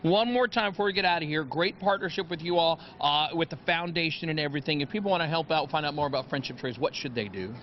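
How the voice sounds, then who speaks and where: A man's voice: a little high, quick pace, hardly any pauses. A man hosting a live morning TV segment from inside a grocery store, joking, upbeat and a bit hammy. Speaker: morning TV show host. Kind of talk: playful live TV segment banter. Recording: muffled broadcast audio, faint noise.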